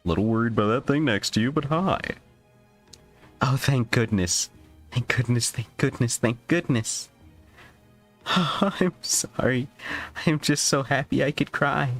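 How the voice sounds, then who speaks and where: A man voicing a gentle, anxious young woman who talks herself down and gushes with relief, read aloud from a game's dialogue. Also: medium pitch, a little slow, pauses often, soft background music, voice pushed up. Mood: relieved. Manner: fretful, self-deprecating, breathless gratitude. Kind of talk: reading visual novel dialogue aloud.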